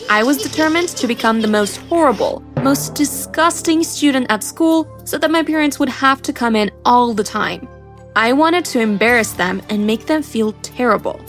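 A woman narrates a personal story in the first person. Her voice sits a little high, and she reads in an earnest, expressive way. Soft music plays faintly underneath. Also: normal speed. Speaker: podcast storyteller.

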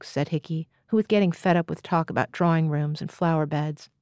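A woman reading literary fiction aloud as a guest reader, in an even, measured way. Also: low voice, no echo, clean studio sound.

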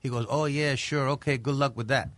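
A male stand-up comedian with a Latino accent, telling stories in an animated, casual way and switching between English and Spanish. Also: medium pitch, fairly quick, no echo. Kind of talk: casual bilingual chat, storytelling.

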